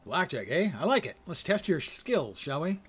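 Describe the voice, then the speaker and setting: A man casually commenting on his game in a relaxed, self-deprecating way, reading game text aloud. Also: fairly high pitch, moderate pace, husky. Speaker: game streamer.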